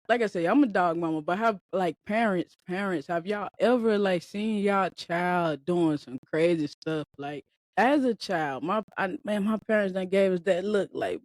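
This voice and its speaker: A woman's voice: on the low side, moderate pace, no echo, studio quality. A woman hosting a podcast, telling a story in a rambling, conversational way and talking straight to her listeners. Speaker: podcast host. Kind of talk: casual storytelling chat.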